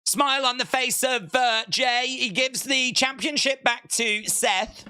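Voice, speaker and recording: A speaker giving excitable live reaction commentary on a wrestling show, breaking into shouts and laughs. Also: medium pitch, measured pace, hardly any pauses, smooth. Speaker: wrestling watch-along streamer.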